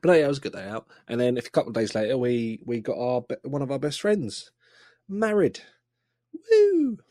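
A man's voice: mid-range voice, lively intonation, fairly quick, darkish tone, no echo. Male co-host, rambly, lots of ums, casual chat, dry close mic. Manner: rambling, hesitant with many ums. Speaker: podcast co-host.

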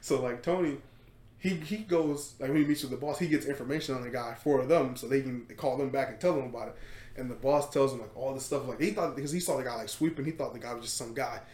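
A man hosting a podcast, retelling a story in casual chat, animated and laughing, with lots of fillers and swearing. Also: medium pitch, quick pace, roomy sound. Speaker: podcast host.

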